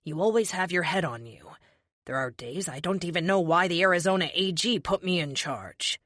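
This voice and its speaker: A woman's voice: lowish voice, normal speed, fairly bright tone, dry recording, clean studio sound. A woman voicing a weary adult male superhero team leader who speaks with a candid, uneasy frankness, in a storybook reading.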